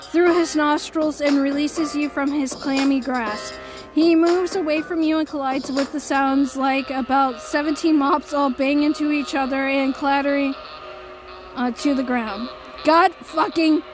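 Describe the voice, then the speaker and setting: High-voiced woman reading a game aloud. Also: fairly even intonation, unhurried, rough recording. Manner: casual, amused asides. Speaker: streamer. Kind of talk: reading a visual novel aloud live. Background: game music.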